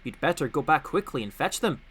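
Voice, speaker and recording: A man playing a brisk railway signalman. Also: on the high side, sing-song, a bit bright, slight background noise. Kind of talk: storybook audiobook voice acting.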